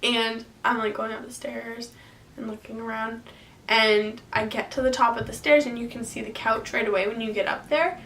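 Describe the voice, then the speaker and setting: A young adult woman telling a personal story in casual vlog style, animated and full of "like" fillers. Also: a little high, normal speed, a little hiss or hum. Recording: echoey room, distant mic, faint ambience.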